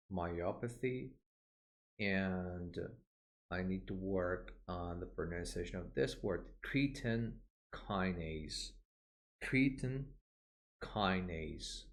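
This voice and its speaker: Slow, low-voiced man teaching vocabulary. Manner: slow, deliberate, models pronunciation by repeating words; frequent "uh" fillers, points at the page. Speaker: English for medicine teacher. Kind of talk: textbook walkthrough lesson.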